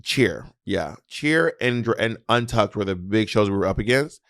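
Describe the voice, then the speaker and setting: A man co-hosting a podcast in casual chat, teasing and quick to laugh, earnest when talking about his goals. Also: on the low side, animated, fairly bright tone, no echo, clean studio sound. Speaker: podcast co-host.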